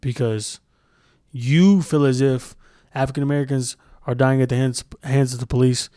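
Heated, profane man with a dark voice. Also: mid-range voice, steady tone, moderate pace, no echo, studio quality. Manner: heated, profane, repeats himself; frequent restarts while searching for words. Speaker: podcast host. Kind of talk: solo podcast monologue.

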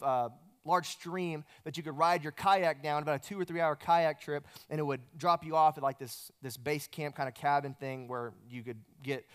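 Smooth-voiced male preacher telling a story. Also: a little high. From United States. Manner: storytelling, conversational with repetitions. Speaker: pastor. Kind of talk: sermon.

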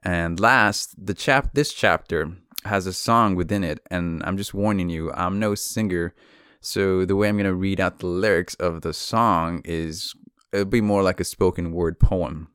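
A man's voice: low-pitched, measured pace, clean tone, no room sound, studio quality. A man hosting his own podcast, chatting casually and joking about himself before he reads a novel aloud. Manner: relaxed, self-deprecating, lightly swearing. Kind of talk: casual intro, then dramatic book reading.

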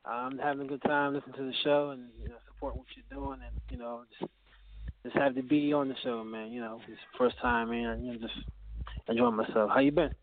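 A man's voice: medium pitch, steady tone, fairly quick. A man calling in to a radio show, talking in a friendly way and dropping lots of "you know what I mean" fillers. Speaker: caller and musician. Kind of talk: casual phone call. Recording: tinny phone line with faint music.

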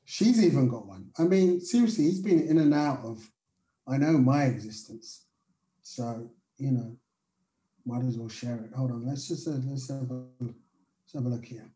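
A man's voice: mid-range voice, normal speed, dark tone. Enthusiastic man in a roomy space. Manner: enthusiastic, affirming, chatty. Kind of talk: casual chat.

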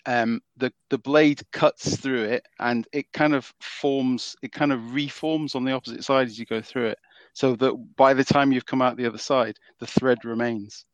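A man narrating as game master in a tabletop role-playing game, pausing often with ums and restarts. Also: medium pitch, steady tone, dry recording, highs cut off. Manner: halting, many ums and restarts.

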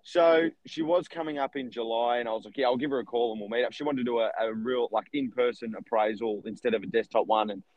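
A young man, a real estate agent and podcast co-host, telling stories in an animated, casual way. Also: mid-range voice, fast talker, few pauses, no room sound, lo-fi sound. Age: young adult. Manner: animated storytelling with laughs. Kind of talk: casual chat.

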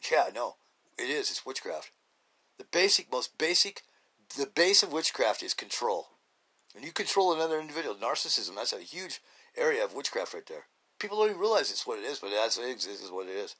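Rambling man with a bright, forceful voice. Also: mid-range voice, sing-song, brisk, breathy edge. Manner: rambling, blunt, with many fillers and restarts. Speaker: podcast host. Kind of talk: casual monologue.

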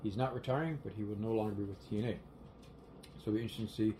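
A man co-hosting a casual podcast, his voice low and mellow. He speaks in a measured, halting way full of fillers. A faint hiss sits under the recording. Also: steady tone. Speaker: podcast co-host. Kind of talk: casual chat. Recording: faint background noise.

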